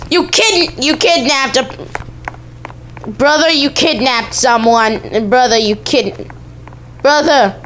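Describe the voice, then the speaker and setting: A woman with a high voice reacts to a video game as she plays. She talks at an unhurried pace, full of exclamations, and often repeats herself. A faint hiss sits under her voice. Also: expressive, fairly bright tone. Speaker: gaming YouTuber. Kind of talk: let's-play game commentary.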